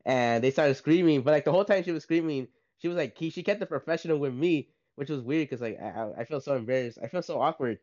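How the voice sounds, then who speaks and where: A man's voice: on the high side, fast, few pauses, a little mellow. A young man, a podcast co-host, casually telling a rambling story, tagging "right?" and "like" onto his sentences. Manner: rambling, says "right?" and "like" a lot. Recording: slightly dull lo-fi sound.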